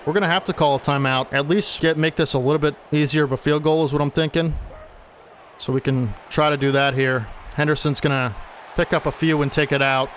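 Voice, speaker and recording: A man's voice: a little high, steady tone, brisk, fairly bright tone, a little hiss or hum. A young man calling his own video game football plays in casual play-by-play commentary, growing agitated and exasperated at bad plays. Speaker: gaming channel host. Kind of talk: play-by-play commentary over gameplay.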